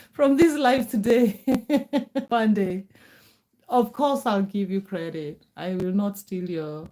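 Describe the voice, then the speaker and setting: A woman's voice: mid-range voice, warm tone. A middle-aged woman from Kenya, chatting casually on a live stream, answering viewers' comments in a reassuring way and repeating her words.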